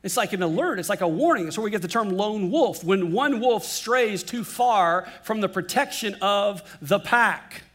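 A man preaching a sermon, swinging between emphatic lines and hushed, drawn-out words for effect. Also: sits high, lively intonation. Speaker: pastor.

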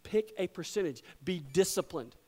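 A middle-aged male pastor preaching a sermon, telling a story with big swings from loud exclamations to hushed near-whispers. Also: high-pitched, animated, moderate pace, husky.

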